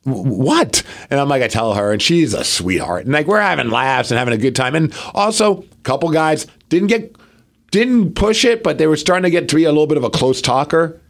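A man's voice: a little high, brisk, creaky. A man co-hosting a podcast, telling a long story in casual chat and acting out what others said. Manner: animated, acts out quotes of others. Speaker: podcast co-host.

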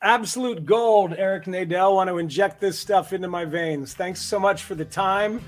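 A male podcast host asking rambling, halting interview questions. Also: high voice, soft background music. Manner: halting, with fillers and restarts.

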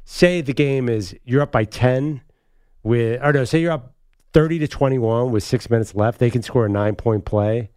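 A man co-hosting a sports talk radio show, skeptical and measured in casual banter. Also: mid-range voice, a little mellow, clear, resonant tone, dry recording, clean studio sound.

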